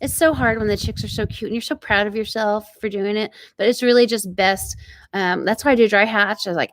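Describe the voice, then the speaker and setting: This is a middle-aged woman from Oklahoma, medium-pitched and free of echo, hosting her ranch channel's live stream outdoors. In her Oklahoman accent she chats casually, reads the live chat, and greets viewers by name.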